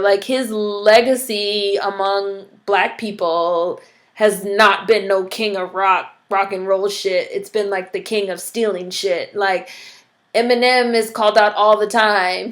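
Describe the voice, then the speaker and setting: A woman vlogger giving a casual ranting commentary, blunt and profane, peppering her talk with "like". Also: mid-range voice. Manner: blunt, profane, filler-heavy with frequent "like".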